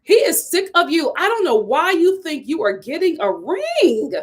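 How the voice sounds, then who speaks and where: A woman's voice: very high voice, very animated, normal speed. A young woman giving a casual, sassy recap of a reality TV episode, often talking straight to the people on screen. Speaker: reality TV reviewer.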